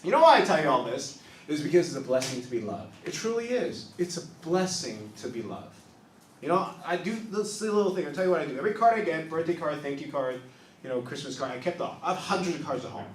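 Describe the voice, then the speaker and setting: Stand-up man, slightly high voice, confessional storyteller, heard from back of an echoey club. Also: lively intonation, fast, slight background noise. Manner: confessional storytelling, swings from soft asides to loud punchlines. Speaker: stand-up comedian. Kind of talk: stand-up comedy set. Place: small improv club stage, live audience. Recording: roomy club sound from a distance.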